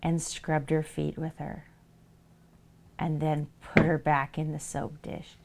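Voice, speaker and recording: A woman's voice: low voice, level tone, slow, vocal fry, very noisy. A woman who makes soap, telling a playful story during a casual livestream. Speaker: soap maker streaming live.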